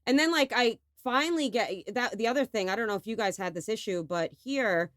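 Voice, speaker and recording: Animated woman telling stories, dry sound. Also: fairly high pitch, brisk, no echo. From New York. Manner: animated storyteller, swearing, acting out quotes. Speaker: podcast co-host. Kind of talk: casual chat.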